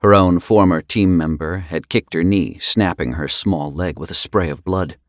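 Low-voiced male audiobook narrator, grave and steady, dry close sound. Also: normal speed, no room sound.

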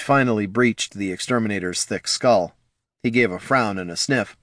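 A man narrating a fantasy story with expressive storytelling. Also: on the low side, moderate pace, dry recording, studio quality. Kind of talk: scripted narration.

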